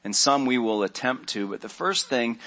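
A man's voice: mid-range voice, animated, normal speed, bright, forceful tone. Man preaching in a casual, chatty way. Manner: conversational preaching, acting out dialogue. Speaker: pastor. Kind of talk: sermon. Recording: church sermon audio.

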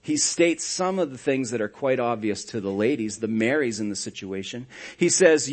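A man preaching a sermon as a pastor, telling the story dramatically, swinging between hushed and loud lines with sarcastic asides. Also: medium pitch, expressive, unhurried.

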